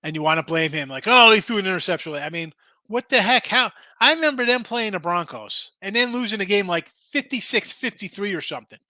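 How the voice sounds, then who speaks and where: Animated sports betting host, bright voice. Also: male voice, high-pitched, fairly quick, no room sound. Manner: animated, argumentative, reads chat comments aloud. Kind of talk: casual sports betting chat.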